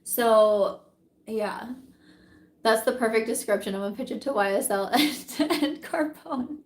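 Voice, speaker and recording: A woman's voice: fairly high pitch, fairly even intonation, moderate pace, roomy sound. A woman vlogger reviewing beauty products in casual, chatty talk, giggling often and saying "like" a lot.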